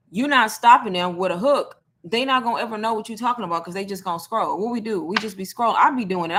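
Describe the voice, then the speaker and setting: A woman's voice: mid-range voice, a bit bright. A young adult woman hosting a casual livestream, talking to her viewers in a chatty, rambling way. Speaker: online business livestream host.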